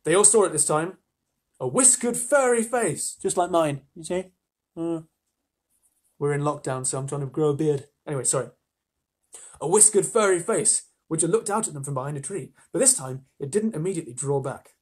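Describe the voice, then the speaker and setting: A man reading a children's story aloud on a live stream, chatty, with playful asides, his voice slightly husky. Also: on the high side, a little fast, a little mellow.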